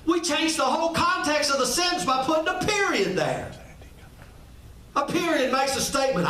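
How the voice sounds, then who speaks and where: A man's voice: extremely high pitch, animated, normal speed, sharp tone, slight background noise. A male pastor preaching a sermon, emphatic and often asking the congregation rhetorical questions. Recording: echoey room, mic at a distance.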